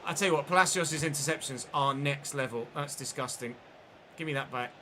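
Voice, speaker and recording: A man's voice: mid-range voice, brisk, sharp tone, slight background noise. A man streaming a football video game, giving running play-by-play with frequent swearing and frustrated outbursts. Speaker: gaming streamer. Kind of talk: live gameplay commentary.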